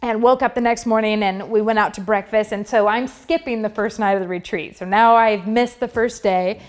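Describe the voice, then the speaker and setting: A woman's voice: mid-range voice, steady tone, normal speed. A woman telling her personal faith testimony in a chatty, casual way, full of fillers and acting out her own past thoughts. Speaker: Christian testimony speaker.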